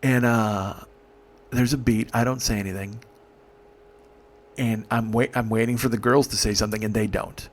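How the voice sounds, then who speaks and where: A man's voice: lowish voice, steady tone, moderate pace, pauses often. A man in his forties, a comedian, telling a rambling, profane, exasperated comic story. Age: 40s. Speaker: comedian host.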